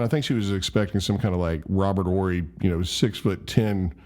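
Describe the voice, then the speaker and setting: A man's voice: deep voice, fairly quick, darkish tone. A man casually telling a rambling, self-deprecating story. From Memphis, USA. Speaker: vlogger.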